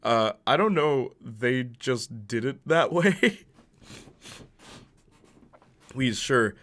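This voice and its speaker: A man's voice: medium pitch, animated, drawn-out words, fairly bright tone. A man streaming a video game with casual commentary, chatty and laughing often as he reads viewer chat aloud. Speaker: gaming streamer.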